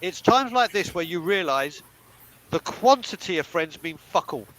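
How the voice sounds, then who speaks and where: A man's voice: sits high, lively intonation, moderate pace, a bit bright, poor audio. A man co-hosting a podcast, talking bluntly and emphatically and swearing freely. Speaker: podcast co-host. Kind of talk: candid panel talk.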